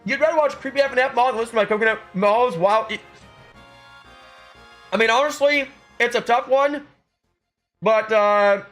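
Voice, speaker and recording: This male livestreamer has a high-pitched, slightly bright voice. Upbeat and talkative, he reads his live chat out loud and responds to viewers in a casual way, occasionally chewing food as he goes.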